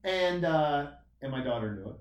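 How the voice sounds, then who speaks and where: A man's voice: a little high, expressive, normal speed. A man in his forties, chatting casually in a rambling, joking, self-mocking way. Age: 40s. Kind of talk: casual chat. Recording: echoey room, mic at a distance.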